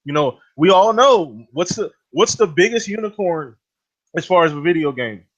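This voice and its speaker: Man, a bit high, blunt and sweary, muffled lo-fi sound. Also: expressive, normal speed. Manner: blunt, swears, laid-back ranting. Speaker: podcast co-host. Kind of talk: casual gaming chat. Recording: dull lo-fi audio.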